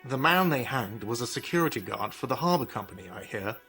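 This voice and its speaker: A whiny, touchy diner manager in a video game. His pitch swings up and down a lot as he gets defensive, and game music plays behind him. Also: animated, fast, bright, forceful tone. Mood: irritable. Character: irritable, whiny adult male diner manager.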